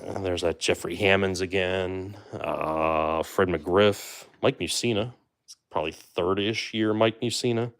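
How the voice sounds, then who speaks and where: A man with a low, deep voice hosts a live stream in a relaxed, chatty way. He talks loosely with plenty of fillers and asides to his viewers. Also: unhurried, gravelly, clean tone. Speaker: livestream host opening baseball card boxes. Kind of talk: casual live-stream commentary.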